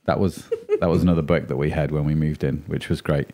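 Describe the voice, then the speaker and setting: A man's voice: very deep voice, steady tone, quick pace, dark tone. A man co-hosting a podcast in a chatty, playful, rambling way. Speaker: podcast co-host. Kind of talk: casual chat.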